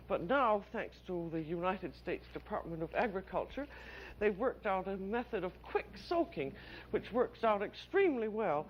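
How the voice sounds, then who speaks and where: A woman's voice: medium pitch, slight background noise. An older woman hosting a cooking demonstration on an old television show, with a warbling, sing-song delivery. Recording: dull lo-fi old television audio.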